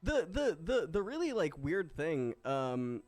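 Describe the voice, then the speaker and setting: A young man and esports streamer talking casually on stream, animated and swearing freely. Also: a little high, a little slow. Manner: animated, swears, breaks into loud laughs.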